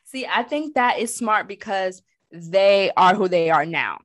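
A woman co-hosting a casual entertainment chat show, sassy and animated with colloquial talk. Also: medium pitch, a little slow, no echo. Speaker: co-host.

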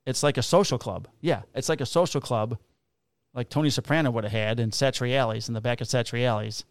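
A man's voice: mid-range voice, a little fast, clear, resonant tone, dry recording. A man, a police officer casually telling profane stories and acting out the dialogue. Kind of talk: casual storytelling chat.

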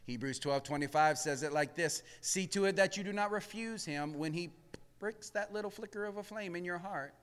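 A man preaching with a high, bright voice that rings out in a church hall with a long reverb. His tone is smooth and clear. He sinks to near-whispers, then builds to shouts, and asks the room to answer him back. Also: normal speed. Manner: swings from hushed murmurs to shouted emphasis, calls for responses. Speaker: pastor. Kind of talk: sermon. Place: church sanctuary.

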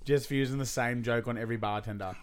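A man's voice: mid-range voice, fairly even intonation, fast talker, a crowd in the background. Laughing, swearing male podcast co-host. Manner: laughing storyteller, swears freely. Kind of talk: casual chat.

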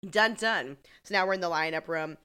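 A woman with a somewhat low voice chats through a TV episode recap. Her delivery is casual and wry, with laughs scattered through. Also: brisk, sharp tone, smooth. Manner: wry, laughing, acts out quotes. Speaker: podcast co-host.

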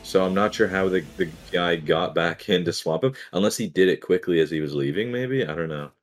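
Very deep-voiced man, hesitant. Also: brisk. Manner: hesitant, filler-heavy speculating. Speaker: podcast co-host. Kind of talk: casual chat.

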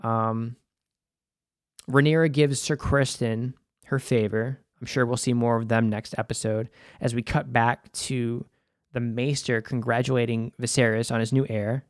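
A man's voice: medium pitch, little pitch movement, measured pace, no echo, studio quality. A young man with a Boston accent recapping a TV episode in loose, conversational talk, cursing freely and leaning on lots of fillers. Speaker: host.

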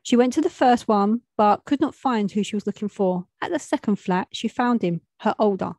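A woman's voice: medium pitch, animated, moderate pace, darkish tone, no room sound. A young adult woman, telling a street story in a plain, matter-of-fact way with street slang.

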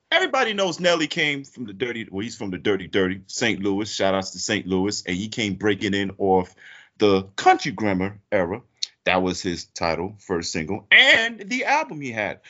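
Animated man hosting mock court, lo-fi. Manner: playful, swoops high for emphasis, mock-judge pronouncements. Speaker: podcast host running a comedy segment. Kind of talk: animated casual banter, mock courtroom bit. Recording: dull lo-fi audio.

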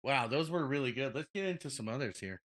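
A young man co-hosting a casual reaction chat, excitable and a bit out of breath, exclaiming and laughing often. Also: medium pitch, quick pace. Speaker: co-host reacting to videos.

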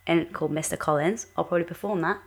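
A woman co-hosting a podcast, chatting earnestly and casually with many pauses. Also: lowish voice. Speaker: podcast co-host. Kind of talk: casual chat.

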